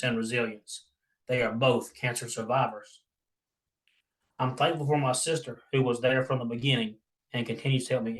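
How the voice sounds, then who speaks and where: A man's voice: medium pitch, fairly bright tone, rough recording. A man who survived a stroke, reading his own story aloud in an earnest, grateful way. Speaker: stroke survivor, podcast guest.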